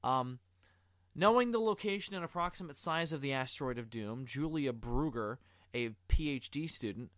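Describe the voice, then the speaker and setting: A man's voice: fairly high pitch, a bit bright, dry recording. A young adult man hosting a podcast, reading articles aloud in casual, rambling, profane chat with lots of asides. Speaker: podcast host.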